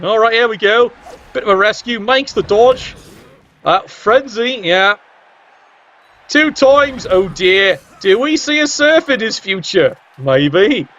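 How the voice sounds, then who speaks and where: A man's voice: sits high, a bit bright. A man giving cheeky match commentary on a video game, full of wry asides and casual swearing. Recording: dull lo-fi sound.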